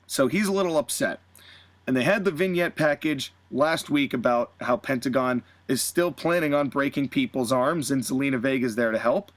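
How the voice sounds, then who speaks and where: A man co-hosting a podcast, recounting a booked wrestling show in casual, animated storytelling and dropping into quick voices for the people he quotes. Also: medium pitch. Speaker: podcast co-host.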